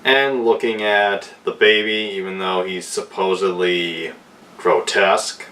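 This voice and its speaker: A man giving a casual spoken film review, retelling the plot in an unhurried way with fillers and restarts. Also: low-pitched, steady tone, pushed and bright. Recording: voice distant from the mic.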